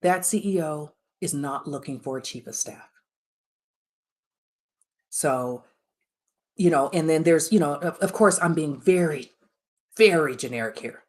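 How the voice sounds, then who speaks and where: A woman's voice: sits low, a little slow, long pauses, darkish tone. A middle-aged woman giving a live workshop talk, frank and emphatic, with many fillers and restarts. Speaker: workshop speaker on the chief of staff role.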